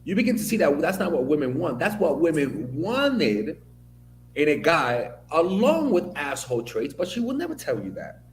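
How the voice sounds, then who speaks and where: A man from the Dominican Republic giving a blunt, profane commentary monologue, with animated storytelling. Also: a little high, moderate pace, reverberant, slight background noise. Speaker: video commentator.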